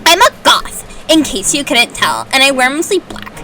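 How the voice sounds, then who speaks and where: A woman voicing a melodramatic teenage goth vampire witch girl, reading slowly and over-dramatically. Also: high voice, very animated, sharp tone, soft background music, pitched above the performer's own voice, full character voice. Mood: dramatic.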